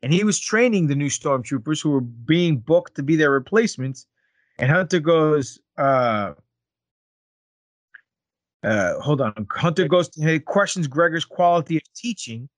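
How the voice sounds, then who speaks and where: A man's voice: fairly high pitch, expressive, a little slow, no echo. A man co-hosting a casual podcast, rambling and joking with plenty of fillers. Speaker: podcast co-host.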